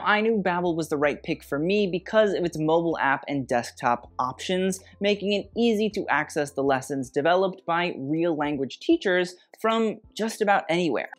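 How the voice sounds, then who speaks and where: A YouTuber giving a sarcastic, snarky fashion critique in a scripted vlog, with wry deadpan asides. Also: mid-range voice.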